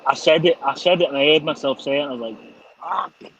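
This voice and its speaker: A man's voice: fairly high pitch, very fast, a bit bright, dull audio. A middle-aged man hosting a casual chat, laughing and swearing freely. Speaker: host.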